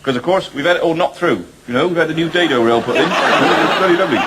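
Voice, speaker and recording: A man's voice: fairly high pitch, quick pace, very noisy, close to an everyday voice. A man playing a rambling English eyewitness who dwells on trivial domestic details. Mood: pedantic. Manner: fussy, digressive, trivial detail.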